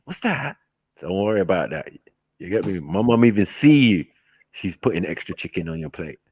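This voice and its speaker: A man telling stories in a casual chat, animated and slangy, laughing often. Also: low voice, fairly quick, husky, dry recording. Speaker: host.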